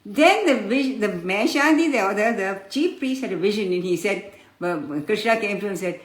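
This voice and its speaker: A woman's voice: mid-range voice, lively intonation, moderate pace. Woman teaching spiritual lessons, roomy echo. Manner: addresses listeners fondly as children, explains patiently. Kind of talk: spiritual discourse with storytelling.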